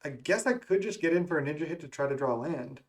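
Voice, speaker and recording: Talking fast in a voice on the high side with lively intonation, a gaming content creator narrates his moves in an online card game. He muses and second-guesses his strategy out loud, all while he has the hiccups.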